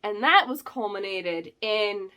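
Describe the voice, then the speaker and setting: A woman's voice: mid-range voice, takes it slowly, smooth. A woman in her thirties hosting a vlog, telling a story casually with many fillers and laughs. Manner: animated, filler-heavy, laughs often. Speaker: vlog host.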